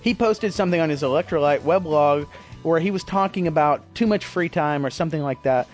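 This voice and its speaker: A man's voice: fairly high pitch, fairly quick, faint music behind. A man hosting his podcast in a rambling, self-deprecating casual monologue, swearing freely. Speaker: podcast host.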